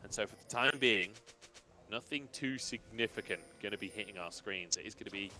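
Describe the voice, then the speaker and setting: A man casting a live esports match, giving analysis with lively, laughing banter. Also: fairly low pitch, brisk. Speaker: esports caster. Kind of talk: live color commentary.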